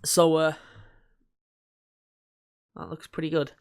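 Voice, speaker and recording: Joking young man, slightly high voice. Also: completely flat delivery, slow pace, gravelly, clean tone. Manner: joking, swears casually, reads lists aloud. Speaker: podcast co-host. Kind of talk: casual chat.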